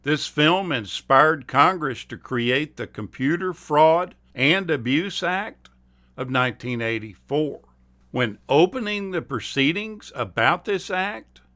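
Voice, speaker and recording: Slow, bright-voiced male trivia narrator. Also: mid-range voice. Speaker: host. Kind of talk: scripted narration.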